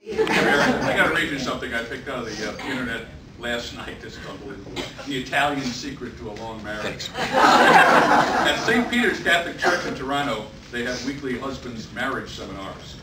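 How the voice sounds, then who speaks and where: A man's voice: mid-range voice, big pitch swings, moderate pace. Jovial older man telling a joke. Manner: jovial, chuckling storyteller. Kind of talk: party speech, joke telling. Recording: echoey distant room, background noise.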